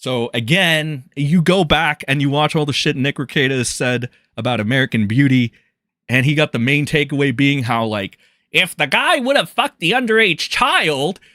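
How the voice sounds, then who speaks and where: A man's voice: on the high side, lively intonation, normal speed, pushed and bright, no echo, studio quality. A man doing profane live-stream commentary, mocking and crude, swearing and laughing often.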